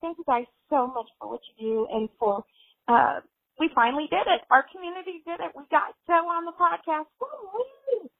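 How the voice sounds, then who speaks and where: A woman's voice: high voice, brisk, narrow, tinny audio. A woman leaving a bubbly, effusive voicemail message for podcast hosts. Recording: dry phone voicemail line.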